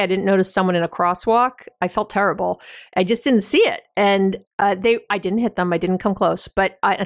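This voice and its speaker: A woman's voice: medium pitch, no echo, studio quality. A woman hosting an advice podcast, explaining in a casual, conversational way with everyday examples and frequent fillers. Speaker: podcast host.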